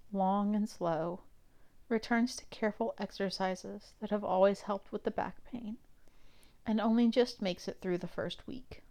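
A woman reading a fan fiction story aloud in a soft, steady narrating voice. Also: mid-range voice. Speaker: fanfiction reader. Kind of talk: scripted narration.

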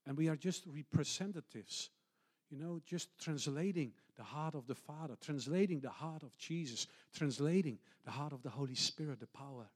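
A man, a pastor and missionary, preaching a testimony sermon, swinging between loud passages and hushed, near-whispered ones, with slightly non-native English phrasing. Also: a little high, normal speed, husky.

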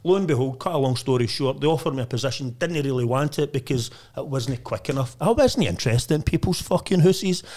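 A Lanarkshire man in his thirties talks at a brisk clip with a middle-pitched voice. He tells his stories in a blunt, boastful way and peppers nearly every sentence with swearing. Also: expressive, darkish tone. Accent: Scottish, Lanarkshire. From Lanarkshire, Scotland. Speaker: estate agent, podcast guest. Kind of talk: casual storytelling chat.

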